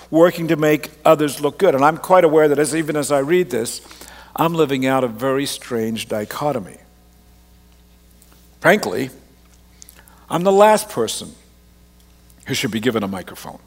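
A man with a mixed Australian and Canadian accent, preaching a conversational, self-deprecating sermon from a church stage into a microphone. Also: fairly high pitch. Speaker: pastor. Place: large church auditorium on stage. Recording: long hall reverb.

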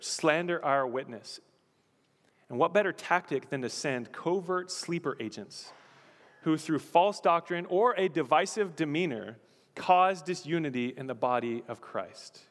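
A man's voice: on the high side, lively intonation, normal speed, big-room sound. A male pastor preaching a sermon in an emphatic, repetitive style. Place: church.

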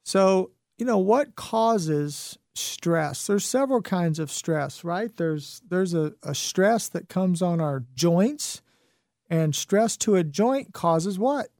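A middle-aged man talking slowly on a radio health show, folksy and a bit preachy, asking his listeners question after question. His voice is mellow and rounded, and it sounds dry and close, with no room around it. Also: high voice, lively intonation, no room sound. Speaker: radio health and wellness host. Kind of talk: radio talk monologue.

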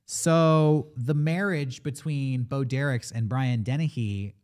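A man's voice: medium pitch, slow pace. A man talking casually on a movie podcast, eagerly retelling a plot and quoting the characters. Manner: animated, retells plot with quoted voices. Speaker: podcast co-host.

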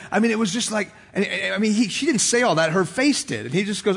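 Man, pastor, sermon, high pitch, storytelling with put-on voices, long hall echo. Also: animated, fast, fairly bright tone, breathy edge. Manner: storytelling with acted-out voices, conversational asides.

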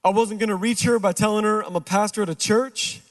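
Pastor telling a story in a sermon. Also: male voice, high-pitched, fairly even intonation. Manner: storytelling, acts out the dialogue, drops quiet and slow for serious parts.

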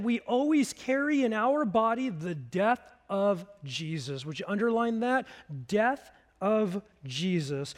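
A man preaching a sermon as pastor, slow and emphatic, dropping to a hush at times. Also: sits high, big-room sound.

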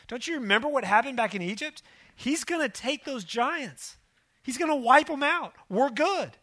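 A man's voice: extremely high pitch, animated, moderate pace, bright, forceful tone, no room sound, pitched above the performer's own voice, heavily acted. A man voicing an earnest biblical spy who urgently pleads with the people to remember what God did. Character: earnest young male spy rallying the people.

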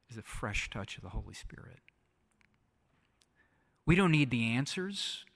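Man preaching in a reverberant hall. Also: fairly high pitch. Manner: preaching with repetition, dropping to a soft hush. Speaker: pastor. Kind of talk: sermon. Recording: long reverb of a large hall.

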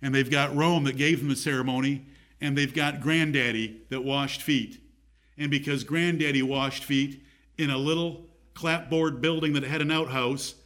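A man's voice: mid-range voice, fairly bright tone. A man preaching a sermon, rising emphatically on key points.

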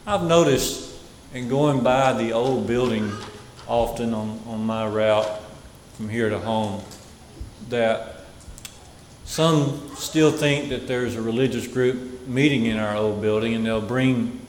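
Slow preacher in an echoey hall. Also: male voice, medium pitch. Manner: slow, deliberate delivery with dramatic pauses and repetition. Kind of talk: sermon. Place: church sanctuary. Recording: echoey hall with faint noise.

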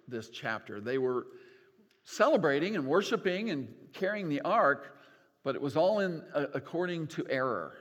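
An older man preaching a sermon as pastor, animated and folksy with gentle humor. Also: on the high side. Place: church sanctuary. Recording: long church reverb.

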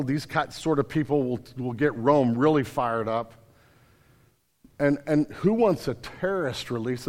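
A man's voice: mid-range voice, in a large hall. A man, a pastor, preaching a sermon in a vivid storytelling manner, speaking straight to his listeners. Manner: vivid storytelling, addressing listeners directly as "you".

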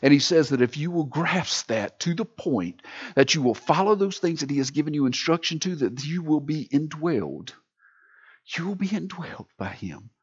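A man preaching a sermon as pastor, swinging between loud emphatic lines and quiet near-whispered ones. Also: on the high side, big pitch swings, normal speed, husky, dull audio.

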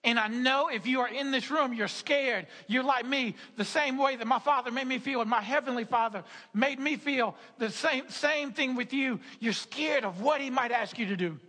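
High-voiced preacher in a reverberant hall. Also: male voice, normal speed, few pauses, bright, forceful tone. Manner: repetitive, stammering restarts, laughing asides. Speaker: pastor. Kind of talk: sermon.

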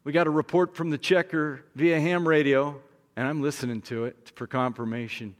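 A middle-aged man giving a sermon as guest speaker, telling a story with lively acted-out voices. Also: a little high, normal speed. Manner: animated storyteller, acting out voices. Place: large church hall. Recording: long hall reverb.

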